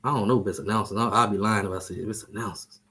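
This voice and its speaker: A man's voice: on the low side, fairly even intonation, fast, pushed and bright. A man hosting a casual sports chat show, talking loosely, joking and trash-talking. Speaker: show host.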